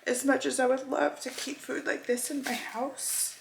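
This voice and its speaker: A woman's voice: high-pitched, level tone, moderate pace, vocal fry, a little hiss or hum, poor audio. A woman vlogging candidly about her weight-loss journey, speaking at home in an earnest, confessional, emotional way. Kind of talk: candid personal vlog.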